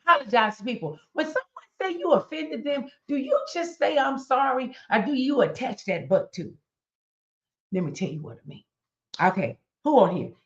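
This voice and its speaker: A woman's voice: fairly high pitch, very animated, moderate pace, a little hiss or hum. A middle-aged woman, giving a motivational talk in a preaching style and asking her audience pointed questions. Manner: emphatic, addresses audience directly with questions. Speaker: motivational speaker. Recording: dull lo-fi recording.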